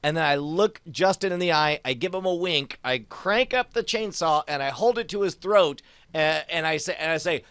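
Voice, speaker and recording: A man playing a tabletop role-playing game, stammering and bursting into shouted in-character lines. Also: a little high, moderate pace, smooth, no echo, clean studio sound. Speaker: player. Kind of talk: improvised tabletop role-play.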